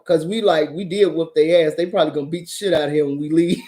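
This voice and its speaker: A woman's voice: on the low side, fast talker, hardly any pauses. Profane, laughing woman telling stories. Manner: profane, animated, laughs often. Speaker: channel host. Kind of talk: casual storytelling.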